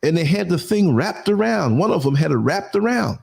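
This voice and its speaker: A man's voice: high-pitched, brisk, creaky, husky. An older man with a New York accent, a podcast host telling a long personal story in casual chat and acting out the people in it. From New York City. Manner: animated storyteller, acts out voices of people in his story.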